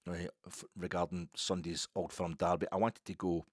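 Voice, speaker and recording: A Scottish man with a fairly low voice rants about football, his talk lurching from quiet musing to sharp, high outbursts. He sounds close to the mic in a dry, dead room. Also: little pitch movement, normal speed, slightly rough, no room sound. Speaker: football podcaster. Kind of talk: opinion monologue.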